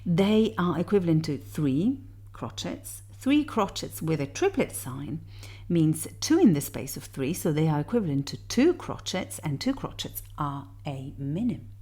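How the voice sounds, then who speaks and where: A woman with a warm, somewhat low voice walks students through music theory exam questions. She speaks slowly and patiently, often counting the beats out loud as she explains. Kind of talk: explaining exam answers step by step.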